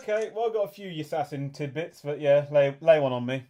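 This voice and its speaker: A man trades wry, sweary jokes on a casual podcast. His voice sits a little high and moves in a lively way. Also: quick pace. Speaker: podcast co-host. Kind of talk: casual banter.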